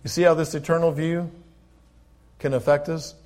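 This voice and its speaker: High-voiced man preaching a sermon. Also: little pitch movement. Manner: rises to loud, slow, emphatic preaching when reading scripture; conversational asides between quoted verses. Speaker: pastor. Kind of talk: sermon with scripture reading.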